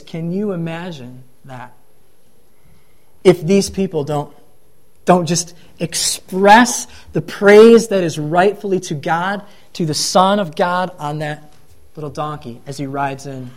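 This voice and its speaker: High-voiced man preaching an animated sermon. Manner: animated, voicing the crowd's and Pharisees' words with rising emphasis.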